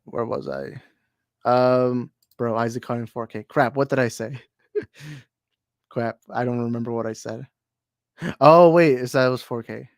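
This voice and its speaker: A young American man hosts a casual movie livestream, reading chat comments and riffing on them. He rambles, jokes, loses his place and laughs often, his voice sitting at an ordinary middle pitch. The sound is dry and close, from a desk mic at his computer. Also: dry recording. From United States.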